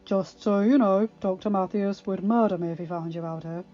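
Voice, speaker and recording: A calm, teasing young prince husband, as a woman reader puts him on in a storybook reading. He speaks dryly and deadpan, with a dull lo-fi sound and faint music underneath. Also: medium pitch, fairly quick, close to an everyday voice.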